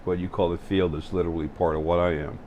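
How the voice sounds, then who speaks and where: A man with a very low voice talks straight to the camera on his own spiritual channel. He keeps stopping on fillers and restarting his sentences, with a faint hum of noise under him. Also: little pitch movement, a little mellow. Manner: halting, full of fillers and restarts. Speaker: channel host. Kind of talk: spiritual vlog monologue. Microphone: facing the camera.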